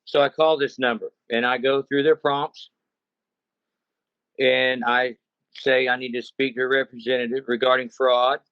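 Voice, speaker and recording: Telling his own scam story casually, a cattle rancher rambles in a folksy manner and repeats himself frequently. His mid-range voice is clear and resonant, level and moderately paced, on a dry, dull lo-fi recording without echo.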